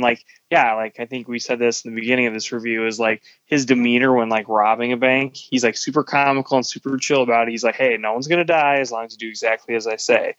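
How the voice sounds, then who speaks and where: A man's voice: mid-range voice, fairly bright tone, no room sound. A man co-hosting a comics podcast in casual chat, rambling with lots of "like" as he retells scenes. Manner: rambling, full of "like", retells scenes with quoted lines. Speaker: podcast co-host. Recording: dull lo-fi podcast audio.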